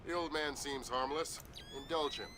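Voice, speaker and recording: An actor playing a calm mission commander giving dry, brief orders in a video game. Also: male voice, on the high side, moderate pace.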